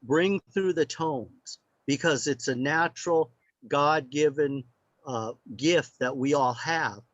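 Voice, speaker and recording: A man telling a casual story as a guest speaker on sound healing. He talks in animated anecdotes with many fillers. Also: fairly high pitch, takes it slowly, dry recording. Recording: dry, slightly muffled lo-fi audio.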